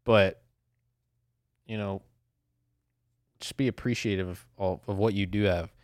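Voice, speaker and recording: A man's voice: on the low side, fairly even intonation, unhurried, dry recording. Young male podcast host, profane rambling solo rant, dry close mic. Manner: profane, rambling, laughs at himself.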